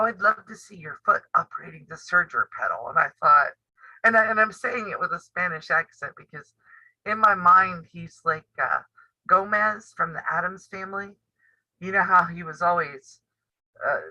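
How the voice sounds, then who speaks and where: A woman in her fifties chats live with her viewers, blunt and teasing, laughing often. Her voice is very bright and sharp. It sounds dry and a little dull, like a modest home mic. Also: lowish voice, no room sound. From United States. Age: 50s. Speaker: sewing and quilting channel host. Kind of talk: casual live-stream chat.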